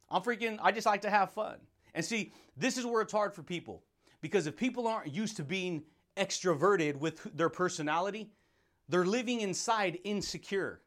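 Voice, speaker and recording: A man's voice: high voice, a bit bright. A man hosting a motivational podcast, hyped and slangy, laughing often and calling listeners baby and dude. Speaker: podcast host.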